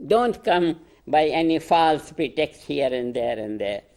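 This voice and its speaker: An older Indian man delivers a proclamatory address, slow and deliberate. His voice sits a little high for a man, and he presses on key phrases, repeating them and breaking into short laughs. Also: expressive, darkish tone. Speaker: spiritual teacher.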